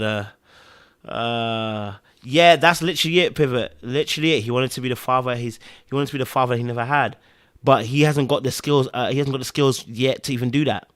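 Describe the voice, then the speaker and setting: A man hosting a casual TV recap, animated and repeating phrases for emphasis. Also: medium pitch, fairly quick, no room sound, clean studio sound. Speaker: TV recap podcast host.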